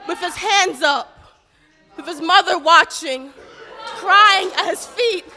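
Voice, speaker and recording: A woman's voice: very high-pitched, slow pace, pushed and bright, long reverb tail, a faint crowd. A woman performing a spoken word poem with a rhythmic, impassioned delivery full of rhetorical questions.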